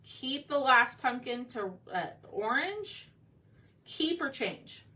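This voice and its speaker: A woman's voice: high voice, very animated, slow, sharp tone. A woman hosting a casual live painting session, chatting and thinking aloud as she works and asking viewers for their opinions. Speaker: craft painting host. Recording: slightly distant mic with faint background noise.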